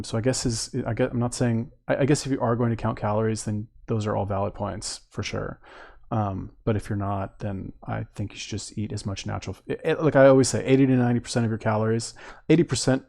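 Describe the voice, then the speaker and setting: Low, gravelly man, hesitant. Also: warm tone. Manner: hesitant, lots of ums and I don't knows. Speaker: reaction video host. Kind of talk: casual commentary.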